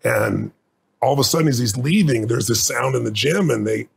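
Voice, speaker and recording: A man's voice: mid-range voice, normal speed, creaky, breathy edge. A middle-aged man, a guest in an interview, telling stories earnestly and intensely and choking up with emotion. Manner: earnest, intense, gets choked up. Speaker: guest speaker.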